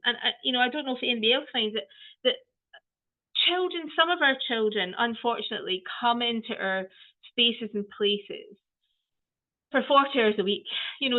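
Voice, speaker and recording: A woman giving an online training talk on children's play, animated and playful, often exclaiming. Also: fairly high pitch. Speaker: early-years play trainer. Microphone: video call. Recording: tinny video-call audio.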